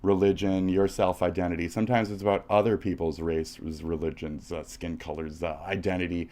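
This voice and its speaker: An American man with a low voice hosts a livestream and unleashes an aggressive, profane rant, taunting his target with insults he repeats. His pitch barely moves, his tone is a bit mellow, and he talks a little fast.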